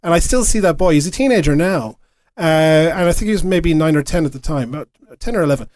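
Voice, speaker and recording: A man's voice: on the high side, lively intonation, quick pace, darkish tone, dry recording. A man at a radio station, telling an earnest story in a casual podcast chat. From Ireland. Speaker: radio station staff member. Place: radio studio.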